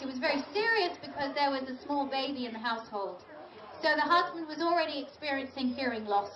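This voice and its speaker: Woman trainer addressing a crowd, high and direct, recorded at a distance in a roomy hall. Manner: chatty, direct, emphatic. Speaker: dog trainer giving a lecture. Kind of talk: live lecture to an audience. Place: large event venue. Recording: roomy, distant, dull audio with faint noise.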